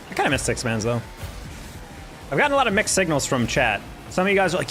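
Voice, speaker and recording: A young man streams a game and talks casually to his chat in a voice of middle pitch. He slides into slangy, profane rants about teammates. Faint game music plays under his voice. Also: very animated, very fast. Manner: laid-back, ranting with profanity and slang. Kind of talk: casual gameplay commentary to chat.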